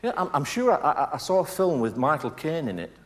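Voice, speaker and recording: A man's voice: a little high, sing-song, a little fast. A man with a Northern English accent doing self-mocking stand-up before a live audience. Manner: chatty, self-mocking, jumps into voices. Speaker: stand-up comedian. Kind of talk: stand-up comedy.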